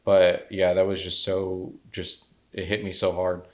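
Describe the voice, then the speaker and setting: Low, flat-voiced young man chatting casually. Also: unhurried. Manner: rambling, heartfelt, heavy with fillers. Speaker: podcast co-host. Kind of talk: casual film discussion.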